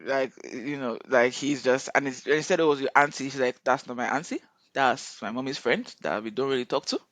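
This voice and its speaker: A man's voice: mid-range voice, fairly quick, dry recording. Man recapping a story. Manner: animated retelling with frequent laughter and quoted voices. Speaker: co-host reviewing a viral video series.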